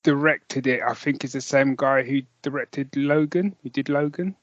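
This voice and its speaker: A man's voice: medium pitch, normal speed, no room sound. Enthusiastic British man, dry lo-fi sound. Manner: enthusiastic, rambling, laughs often. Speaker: podcast co-host. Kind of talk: casual chat. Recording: dull lo-fi dry recording.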